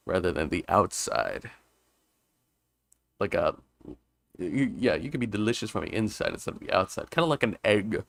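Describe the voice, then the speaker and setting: A man's voice: lowish voice, no echo, clean studio sound. A man streaming a video game, commenting casually and rambling with lots of filler words.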